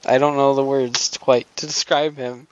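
A man's voice: mid-range voice, flat delivery, normal speed, dry recording. Rambling young man, dull lo-fi sound. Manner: rambling and hesitant, many ums, wry sarcasm. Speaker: podcast co-host. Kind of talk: casual chat. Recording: dull lo-fi audio.

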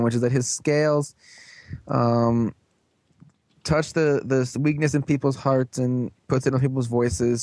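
A man casually recapping a cartoon episode as podcast co-host, rambling and acting out lines in quick voices. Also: medium pitch, darkish tone, no echo.

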